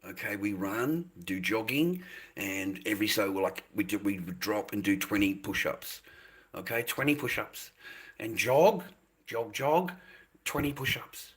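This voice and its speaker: A man's voice: fairly low pitch, measured pace, husky. An older man, talking to viewers on his livestream in a rambling, repetitive way, full of "mate" and "boys".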